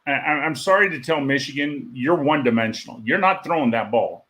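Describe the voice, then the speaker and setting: A man's voice: medium pitch, lively intonation, fairly quick, fairly bright tone. A man giving blunt, opinionated takes in a casual sports chat. He talks plainly and often chuckles mid-sentence. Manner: opinionated, laughs while talking.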